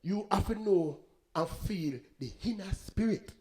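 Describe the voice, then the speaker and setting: High-voiced man musing. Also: expressive, a little slow, warm tone. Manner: rambling, preachy, mixes patois sayings. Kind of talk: spoken reflection between songs.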